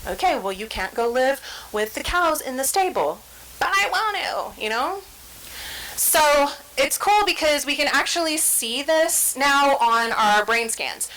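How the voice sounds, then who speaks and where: Bright-voiced woman giving a lively talk. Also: sits high, a little slow, poor audio. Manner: lively, acts out everyday scenes with quoted inner voices; conversational, checks in with "right?". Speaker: trainer presenting on stress and the brain. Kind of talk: educational talk.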